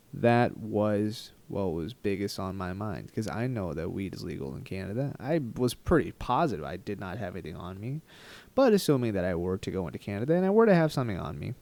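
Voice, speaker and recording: A man telling a travel story in a rambling, animated, self-mocking storytime vlog style. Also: on the low side, fairly quick, vocal fry, dry recording. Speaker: travel vlogger.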